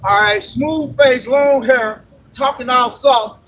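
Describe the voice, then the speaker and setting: High-voiced man preaching bluntly outdoors. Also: takes it slowly. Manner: forceful, blunt, cussing, emphatic. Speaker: street preacher. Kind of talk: street preaching discussion. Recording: distant outdoor mic, traffic noise.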